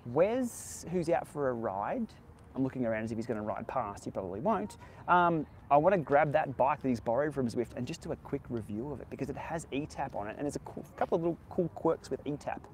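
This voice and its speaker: A man's voice: medium pitch, lively intonation, quick pace, a little hiss or hum. A man hosting a casual live-stream Q&A outdoors by the beach, answering viewer questions in a candid, laid-back way. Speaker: cycling tech channel host.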